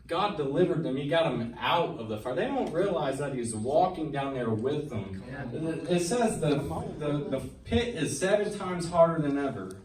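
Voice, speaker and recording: A man's voice: fairly high pitch, lively intonation, normal speed, a crowd in the background. A man giving a personal testimony to a church congregation, retelling a Bible story in earnest, colloquial speech that builds in intensity. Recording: echoey church hall, mic at a distance, faint background noise.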